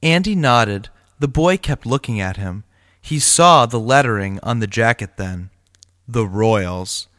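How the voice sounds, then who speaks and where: A man's voice: mid-range voice, a little slow, fairly bright tone, no room sound. Man reading a story aloud, dry sound. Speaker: teacher.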